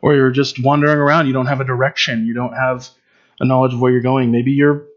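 A man's voice: medium pitch, flat delivery, fast, muffled recording. A man preaching in an informal, conversational way, with frequent fillers and restarts. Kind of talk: informal Bible teaching.

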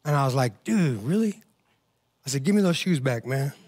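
A man's voice: mid-range voice, lively intonation, normal speed, a little mellow. A male pastor preaching a sermon in a church, telling a story in a conversational way and calling for amens.

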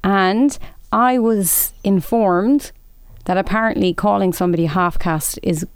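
A woman's voice: medium pitch, unhurried, clear, resonant tone, no echo, studio quality. A woman co-hosting a podcast, talking bluntly in casual chat and reading out listener letters. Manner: blunt, chatty, reads listener letters aloud. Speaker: podcast co-host.

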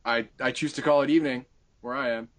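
A man's voice: mid-range voice, fairly even intonation, fast talker, no echo. A man co-hosting a casual podcast with wry, self-deprecating banter. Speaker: podcast co-host.

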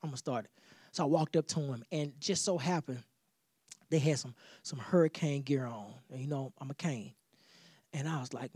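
A man's voice: on the high side, fast talker, no echo, clean studio sound. A man preaching a sermon as pastor, talking in a loose conversational way, repeating himself and acting out little dialogues. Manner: animated, conversational preaching with repetitions and acted-out dialogue.

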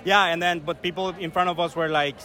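A man's voice: on the high side, steady tone, fairly quick, noisy background. A man in a casual chat outdoors on a city street, eager and chatty, laughing easily.

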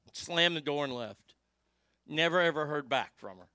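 Loud foul-mouthed radio guy spinning a yarn, highish bright voice, dry studio sound. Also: moderate pace, smooth, no room sound. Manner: profane, loud and emphatic storyteller. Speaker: radio show host. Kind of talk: storytelling on a talk show.

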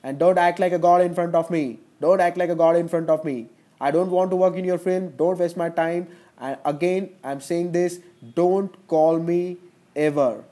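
A man's voice: a little high, fairly even intonation, moderate pace, warm tone. A man on a phone call, indignantly protesting and repeating angry demands. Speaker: prank call target. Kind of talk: heated phone argument.

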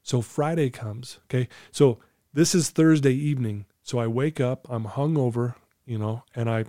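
A middle-aged man recounts his life story with open, earnest candor, sometimes choked with emotion. His tone is mellow and warm, recorded close in a dry, dead space. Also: medium pitch, normal speed, no room sound. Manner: earnest, candid, storytelling with quoted inner thoughts. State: emotional, clearing his throat. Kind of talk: emotional personal testimony.

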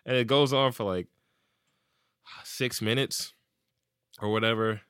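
Male co-host, animated storyteller who acts out quotes, dry close sound, forceful tone. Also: mid-range voice, a little slow, smooth, no echo. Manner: animated retelling with acted-out quotes and swearing. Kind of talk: casual chat, storytelling.

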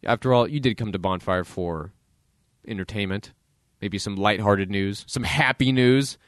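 A man's voice: lowish voice, normal speed, dry recording, studio quality. A man hosting a podcast with casual opinion commentary, blunt and acting out voices of other people in his dialogue. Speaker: podcast host.

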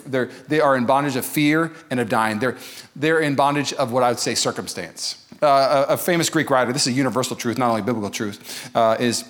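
A man preaching a sermon as pastor, animated and joking, acting out quoted voices. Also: mid-range voice. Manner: animated, jokey, acts out voices of others.

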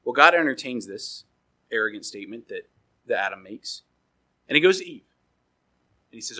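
A man delivering a sermon from the pulpit, bright and forward in tone with a husky edge. He talks animatedly and slips into quoted voices to make his points. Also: mid-range voice, animated, normal speed, pauses often, poor audio. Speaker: pastor.

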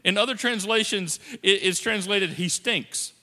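Bright-voiced man preaching in a reverberant hall. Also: high-pitched, a little slow. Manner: conversational and playful, acts out quotes in voices. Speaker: pastor. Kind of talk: sermon.

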